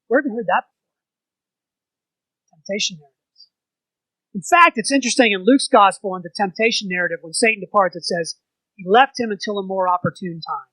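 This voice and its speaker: A man's voice: sits high, moderate pace, long pauses, pushed and bright, dry recording, poor audio. A man leading an informal church Bible study, talking conversationally and putting questions to the group.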